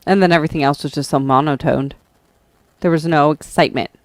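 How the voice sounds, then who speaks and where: A woman's voice: low voice, fairly even intonation, fast talker, no room sound. A woman co-hosting a talk radio show, bantering in a joking, sarcastic way. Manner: joking and sarcastic, laughing often. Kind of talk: casual banter.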